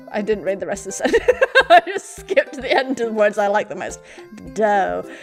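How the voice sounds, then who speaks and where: Sex: woman. Style: playful let's play commentary. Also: fairly high pitch. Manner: playful and giggly, with sudden loud squeals. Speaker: gaming YouTuber. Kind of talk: let's play commentary, reading game text aloud. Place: home room with a pet cat. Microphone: desk mic with face cam.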